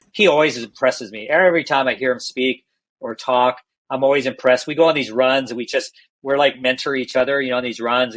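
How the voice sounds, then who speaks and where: A man's voice: medium pitch, a bit bright, low-quality recording. A middle-aged man, a healthcare executive, candidly telling stories in a podcast interview and often restarting his phrases.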